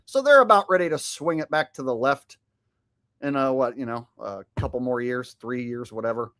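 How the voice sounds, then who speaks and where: A man's voice: mid-range voice, moderate pace, a bit bright. A man hosting a show with casual, sardonic, profane commentary. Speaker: show host.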